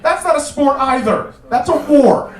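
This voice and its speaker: A man performing a stand-up comedy set with a punchy, animated delivery on a live club stage. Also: very high voice, measured pace. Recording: roomy club sound, mic at a distance. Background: audience laughter.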